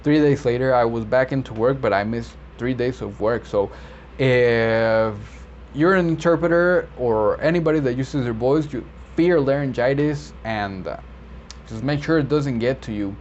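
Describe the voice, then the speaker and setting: A man who works as a medical interpreter, explaining vocabulary in a relaxed, rambling way with many fillers and self-corrections. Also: medium pitch, moderate pace. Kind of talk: casual explainer video. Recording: slightly dull lo-fi audio with faint background noise.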